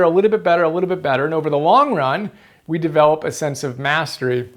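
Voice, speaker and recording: A man hosting a motivational book-summary video, earnest and emphatic, repeating key phrases for stress. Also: a little high.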